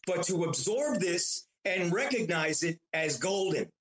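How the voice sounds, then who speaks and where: A man with a higher-pitched voice tells old family stories as a guest in casual conversation. He keeps restarting his sentences and repeating words as he goes. He sounds middle-aged. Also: expressive, a little slow, a bit bright, low-quality recording. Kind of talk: casual storytelling.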